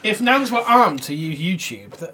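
A man, co-hosting a crude comedy podcast and telling animated stories full of swearing. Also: high-pitched, moderate pace. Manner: animated storyteller, swears freely. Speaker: podcast co-host.

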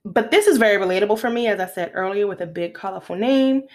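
A woman hosts a casual podcast episode recapping a film. She tells the story with lively energy, slips into the characters' lines and laughs often along the way. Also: mid-range voice, fast talker. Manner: animated retelling with acted-out quotes; laughs often while talking. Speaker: podcast host.

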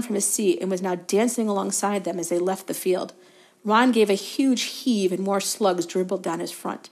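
A woman's voice: medium pitch, fairly even intonation, normal speed, a little mellow. Woman reading a storybook aloud. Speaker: guest reader. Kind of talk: reading a children's novel aloud.

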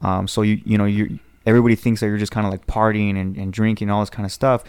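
Young cali dude rambling a story quick, lowish voice, dry close sound. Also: male voice, level tone, darkish tone, smooth, no room sound. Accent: Californian. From Southern California. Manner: rambling, with restarts and acted quotes. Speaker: podcast guest telling a story. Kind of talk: casual storytelling.

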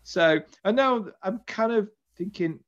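A man's voice: sits high, a little slow, highs cut off. A British man talking casually as a podcast co-host, chatty and enthusiastic, rambling a little as he goes. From Britain. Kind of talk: casual chat.

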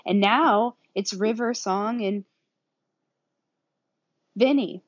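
A woman with a Southern accent hosts her own podcast in loose, rambling talk, laughing often and cursing now and then. Her voice sits in a middle pitch. The sound is dry and a little dull. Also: very slow, no echo. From Kansas City area, USA. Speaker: podcast host. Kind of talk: casual solo podcast talk.

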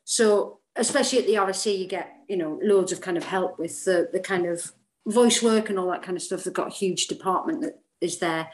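An actress chats freely as an interview guest, her voice at a middling pitch. She talks in quick, animated bursts and keeps restarting sentences. The room around her has a noticeable echo. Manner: chatty, animated, frequent restarts. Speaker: actor, podcast guest. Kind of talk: casual interview chat. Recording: roomy echo.

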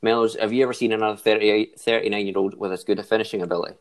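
A man's voice: on the low side, fairly even intonation, rapid-fire. A man hosting a casual football chat, cracking pun-filled jokes and laughing at them. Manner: jokey, laughs at his own puns. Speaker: podcast host. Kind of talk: casual chat with joke segments.

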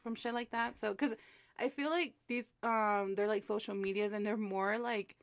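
A woman's voice: mid-range voice, fairly even intonation, normal speed. A young woman co-hosting a casual chat podcast, laughing often and talking loosely, with some swearing. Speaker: podcast co-host.

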